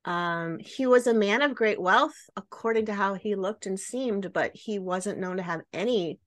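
A woman's voice: mid-range voice, normal speed, a bit bright. A woman hosting a casual chat and telling a story, peppered with "right?" and "like". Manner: chatty, many fillers like "right?" and "like". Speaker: podcast host.

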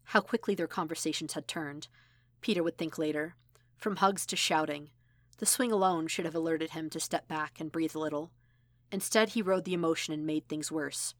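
Woman narrator, measured audiobook read, low voice, dry sound. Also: steady tone, no echo. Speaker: audiobook reader. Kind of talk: audiobook narration of fan fiction.

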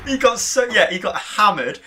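Give me a bright-voiced young man chatting. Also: sits high, normal speed. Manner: laughs often, lively and animated. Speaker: podcast co-host. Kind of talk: casual chat with friends.

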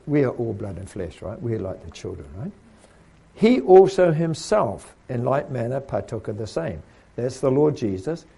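A man preaches to trainees in a mellow, husky voice with plenty of gravel in it. His pitch sits a little high and swings widely as he asks question after question. Now and then he mimics other people mid-sermon.

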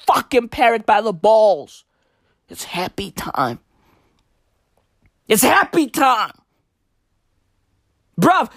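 A manic young woman ranting for laughs, her highish voice leaping up and down as she shouts and then drops to a mutter. She swears constantly and speaks slowly, with a dry, close sound. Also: no room sound. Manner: loud, manic, swears a lot, slangy; repeats catchphrase, swings between shouting and mutters. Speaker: comedic vlogger. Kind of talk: comedic rant.

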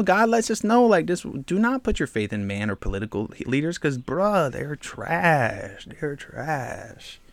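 A man's voice: medium pitch, fairly bright tone, no room sound. A man hosting a podcast alone, ranting bluntly and heatedly in casual slang and talking straight to his listeners. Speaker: podcast host.

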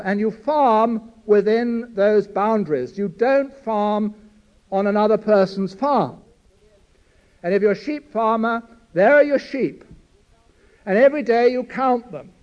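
A man's voice: sits high, a little mellow. An older man preaching a sermon to a gathering as an Anglican priest, earnest, building long lists and often stumbling and restarting. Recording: dull lo-fi recording.

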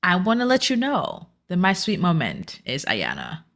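Woman, podcast co-host, casual recap, animated, bright. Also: mid-range voice, moderate pace. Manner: animated, acts out quotes, rants.

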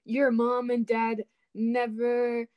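Young female co-host, slightly high voice, emphatic, slangy. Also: monotone, darkish tone, no echo. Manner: emphatic, slang-heavy, slows down to stress points. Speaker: podcast co-host. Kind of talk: casual chat.

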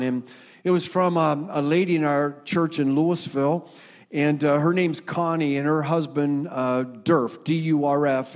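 A man in his sixties delivers an earnest sermon in a church. His voice sits fairly high for a man, and he tells personal stories in a plain, conversational way. He slows right down whenever he quotes scripture. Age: 60s. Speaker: pastor.

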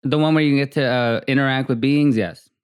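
Male podcast co-host, smooth clear voice, rambling, chatty. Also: medium pitch, brisk, no echo, studio quality. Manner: rambling, animated storytelling with many fillers. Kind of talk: casual chat.

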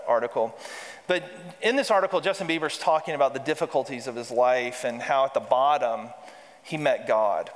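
Male pastor, mid-pitched, preaching to a congregation, long church reverb. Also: fairly bright tone. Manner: calls congregation to repeat lines; reads scripture aloud with emphasis. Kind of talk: sermon. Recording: reverberant hall.

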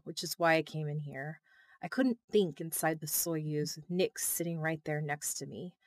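A woman's voice: on the low side, no room sound. A woman, the author, reading her novel as first-person audiobook narration, intimate and emotional, on a close mic.

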